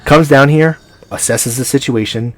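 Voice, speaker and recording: A man's voice: medium pitch, moderate pace. A man, rambling through a story in a casual vlog and acting out the people in it. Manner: rambling, animated retelling with quoted dialogue. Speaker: vlogger.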